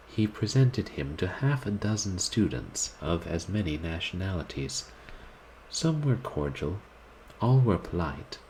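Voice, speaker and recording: A man reading a classic short story aloud, in a deliberate, expressive manner, shifting his voice for the characters. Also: low-pitched, a little hiss or hum, rough recording.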